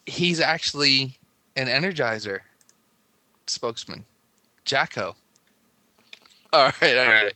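A man's voice: medium pitch, lively intonation, slow, long pauses, pushed and bright, no echo. A man co-hosting a podcast in casual chat, rambling and laughing as he talks. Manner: chatty, rambling, laughs often. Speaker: podcast co-host.

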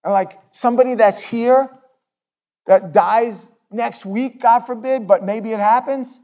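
A man preaching a sermon in a conversational way, jumping from loud outbursts to near-whispers. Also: very high voice, unhurried, dull audio. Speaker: pastor.

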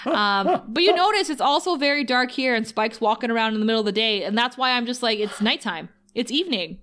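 A woman's voice: a little high, fast, a bit bright, clean tone. A woman co-hosting a podcast, chatting casually about a TV show and laughing often. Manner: chatty, laughs often, acts out characters' lines. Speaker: podcast co-host. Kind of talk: casual TV recap chat.

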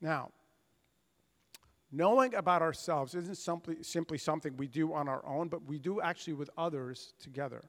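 High-voiced preacher in a reverberant church. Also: male voice, moderate pace, a bit bright. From United States. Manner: earnest preaching with emphatic swells and dramatized quotes. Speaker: pastor. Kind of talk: sermon. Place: church sanctuary. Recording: long reverb of a church hall.

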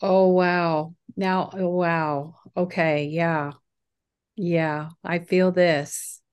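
Slow, affirming woman podcast host. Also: on the low side, steady tone, clear, resonant tone. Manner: affirming, encouraging listener. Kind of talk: conversational listening.

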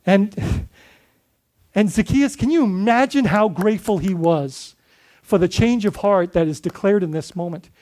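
A man's voice: sits high, unhurried, a little mellow. A man preaching a sermon as lead pastor, speaking conversationally and putting questions to his congregation.

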